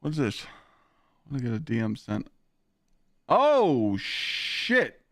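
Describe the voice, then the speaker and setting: A man's voice: mid-range voice, normal speed, warm tone, no echo, clean studio sound. A man live-streaming games, chatting casually with his viewers, ranting with lots of swearing and frequent laughter. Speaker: gaming streamer.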